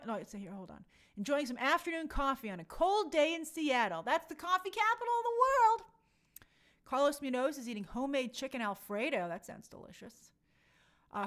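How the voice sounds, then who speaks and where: A woman's voice: fairly high pitch, a bit bright. A woman hosting a casual live stream, reading viewer comments aloud and reacting in an upbeat, chatty way. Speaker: livestream host reading chat.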